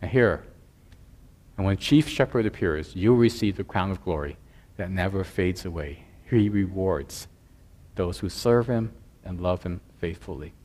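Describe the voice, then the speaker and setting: A man's voice: deep voice, lively intonation, unhurried, darkish tone. A middle-aged man preaching a sermon as a pastor, in a conversational way with frequent asides to the congregation.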